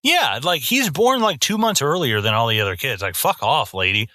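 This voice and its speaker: A man in his twenties talks in a loose, swearing rant, co-hosting a film podcast. His voice is bright, with a sharp edge. The sound is dry and close to the mic. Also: mid-range voice, animated, normal speed, no room sound. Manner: profane, ranting, jumps into mock voices. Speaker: podcast co-host. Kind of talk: casual film-review chat.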